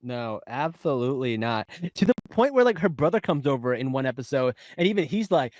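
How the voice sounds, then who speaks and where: A man co-hosting a casual TV recap podcast, animated and often laughing through his sentences. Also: mid-range voice, fairly quick, dry recording. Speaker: podcast co-host. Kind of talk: casual pop-culture recap chat.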